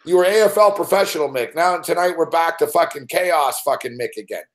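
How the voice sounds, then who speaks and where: Brief: swearing, ribbing male show host, slightly high voice. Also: fairly quick. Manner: profane, teasing. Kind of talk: casual chat.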